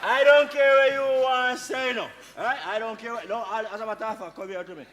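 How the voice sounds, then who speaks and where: An actor with a Jamaican accent playing a boastful, menacing man who abuses his power, taunting and shouting on a live stage. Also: extremely high pitch, flat delivery, brisk, highs cut off, slight background noise. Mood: commanding. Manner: taunting, domineering, often shouting. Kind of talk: live stage play acting. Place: theatre stage with a live audience. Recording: theatre stage with long reverb.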